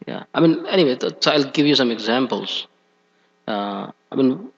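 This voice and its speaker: Man leading a temple scripture class, gravelly voice with halting fillers, dull echoey hall sound. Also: medium pitch, lively intonation, fairly bright tone. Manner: hesitant, many fillers. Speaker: class speaker.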